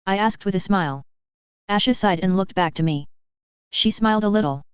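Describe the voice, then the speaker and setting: Smooth-voiced woman reading fan fiction. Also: on the low side, normal speed, dry recording, lo-fi sound. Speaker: reader.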